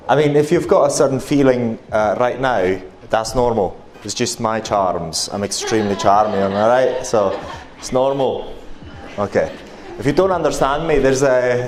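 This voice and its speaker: A man's voice: mid-range voice, unhurried, darkish tone, faint music behind. A man with an Italian accent giving a chatty, joking presentation at a conference, with many fillers and restarts. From Italy. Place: conference hall.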